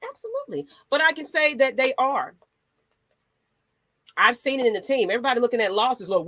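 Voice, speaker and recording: A woman's voice: a little high, expressive, moderate pace, long pauses, a bit bright. A woman hosting a fan channel, ranting in a sassy, dramatic way. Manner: sassy, dramatic, rants with mock voices. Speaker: sports channel host. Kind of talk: animated fan commentary.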